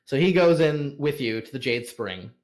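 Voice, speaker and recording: A man narrating as game master of a tabletop game, halting and filling his scene descriptions with pauses. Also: medium pitch, lively intonation, darkish tone. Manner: halting, full of fillers and slowed descriptions.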